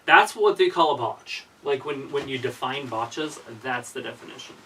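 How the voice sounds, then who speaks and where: Man co-host, forceful and bright, blunt opinions on the match, slightly off-mic stream. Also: medium pitch, lively intonation, normal speed, recorded from a distance, poor audio. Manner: opinionated, calls out moves and botches. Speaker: co-host reacting to a wrestling show. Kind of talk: casual live-stream commentary.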